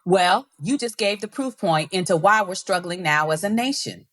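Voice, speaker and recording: A woman's voice: lowish voice, expressive, moderate pace, no room sound, studio quality. A woman who leads an education nonprofit, speaking passionately and emphatically as a guest in an interview. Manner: passionate, emphatic, with repeated restarts. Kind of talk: conversational interview.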